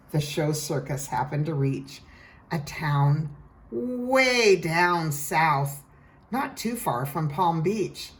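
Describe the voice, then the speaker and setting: A woman reading a rhyming picture book aloud with an expressive, sing-song delivery, then chatting to her listeners. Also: fairly low pitch. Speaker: storyteller.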